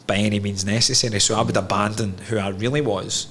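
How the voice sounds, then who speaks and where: A man with a Scottish accent talks things through in an earnest, reflective way, swearing casually as he goes. His voice sits low, and a faint hiss runs under the recording. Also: fairly even intonation, fast, a bit bright. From Scotland. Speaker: podcast guest. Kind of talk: candid conversation.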